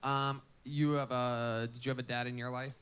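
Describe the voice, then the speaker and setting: A man's voice: mid-range voice, flat delivery, normal speed, a bit bright. Crude mocking male comedy host. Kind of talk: live comedy roast interview. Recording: noisy live show recording.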